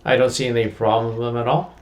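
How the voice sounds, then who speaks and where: A man's voice: medium pitch, fairly even intonation, fast, slight background noise. A man co-hosting a podcast, giving short, agreeable replies in casual chat. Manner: brief, agreeable backchannel replies. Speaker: podcast co-host.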